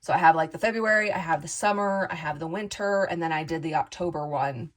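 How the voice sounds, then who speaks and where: A woman's voice: sits low, a little fast, low-quality recording. A woman crafting vlogger chatting casually to camera, rambling and indecisive, often laughing at herself and addressing viewers as "you guys.".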